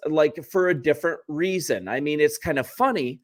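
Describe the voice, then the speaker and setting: A man's voice: on the high side, expressive, a little slow. A man hosting a sports channel, talking casually to the camera in a chatty, wry way with joking asides and self-corrections.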